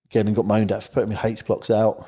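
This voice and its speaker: A man chats as a podcast guest, his voice sitting low. He tells his story loosely and packs it with "you know" asides. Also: flat delivery, fast talker, dark tone, husky. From England, Isle of Wight. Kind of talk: casual storytelling chat.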